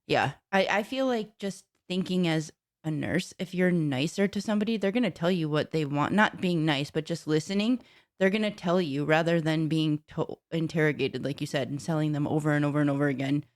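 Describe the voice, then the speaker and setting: A co-host who works as a nurse talks earnestly and thoughtfully on a casual podcast, at a middle pitch. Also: brisk. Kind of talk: casual chat.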